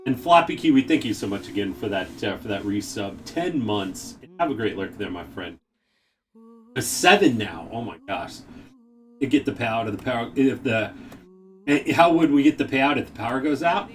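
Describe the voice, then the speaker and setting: A man hosting a live game stream, chatting casually, reading out viewer messages and laughing often with excited exclamations. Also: medium pitch, normal speed, far from the mic, a little hiss or hum.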